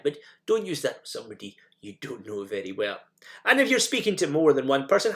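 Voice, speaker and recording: Lively-voiced man teaching a language lesson. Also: medium pitch, fairly quick. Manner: explains step by step, models phrases by repeating them. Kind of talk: recorded language lesson narration.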